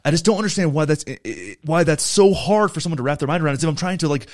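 A man's voice: fairly high pitch, lively intonation, rapid-fire, no room sound, clean studio sound. A young man in casual podcast chat, talking in an emphatic, heated way and swearing freely. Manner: profane, heated and emphatic, frequent restarts.

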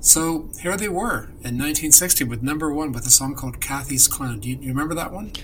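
A man from Canada co-hosting a casual chat about music history, enthusiastic and quick to laugh. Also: a little high, fairly bright tone, slight background noise, low-quality recording. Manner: enthusiastic, storytelling, laughs often. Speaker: co-host.

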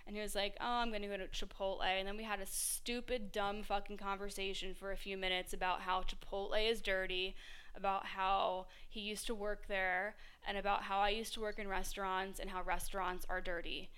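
A woman's voice: medium pitch, level tone, a little fast, fairly bright tone, clean tone. A young woman hosting a podcast, telling a story in a casual monologue, swearing freely and acting out both sides of the conversation. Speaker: podcast host.

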